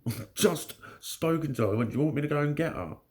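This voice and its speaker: Talking quickly in a fairly high voice with a darkish tone, this vlogger tells a story to camera, casual and blunt, swearing a lot and laughing frequently.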